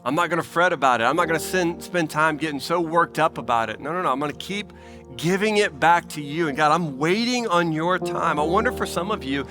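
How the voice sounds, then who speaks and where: This man preaches a sermon a little fast over music, pleading earnestly as pastor. He leans on repetition for emphasis, alternating lively outbursts with hushed, low-voiced asides.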